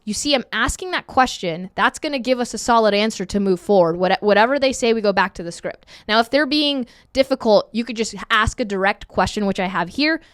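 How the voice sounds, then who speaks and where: A woman's voice: mid-range voice, fairly quick, clean tone, no room sound, clean studio sound. A woman training new callers over a screen share, upbeat and conversational, acting out sample calls. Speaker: sales trainer.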